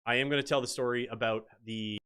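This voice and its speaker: A man's voice: mid-range voice, fast talker, clean tone. A man hosting a casual livestream, telling stories with animation and answering chat. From Canada. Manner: animated storyteller reading chat aloud. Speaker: livestream host.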